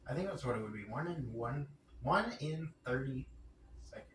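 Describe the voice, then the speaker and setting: A man's voice: medium pitch, lively intonation, normal speed, far from the mic. A man thinking aloud to himself, muttering and repeating words as he works something out. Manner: muttering and repeating, unsure, working out fractions aloud. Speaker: vlogger. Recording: echoey room, off-mic, noisy background.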